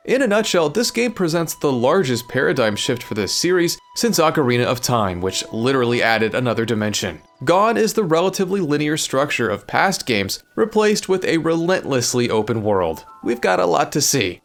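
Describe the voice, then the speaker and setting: A man hosting and narrating a gameplay video, explaining in a lively, informative way. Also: mid-range voice, normal speed, hardly any pauses, faint music behind. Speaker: gaming video host and narrator.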